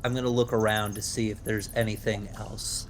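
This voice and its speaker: A man's voice: fairly low pitch, level tone, brisk, a little hiss or hum. A man playing in a tabletop game, chatting in an easygoing conversational way. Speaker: player. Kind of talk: casual tabletop game chat.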